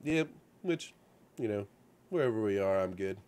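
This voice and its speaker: At normal speed and fairly low pitch, a male show host chats casually about video games from a radio-show studio, rambling through animated stories with plenty of fillers and restarts.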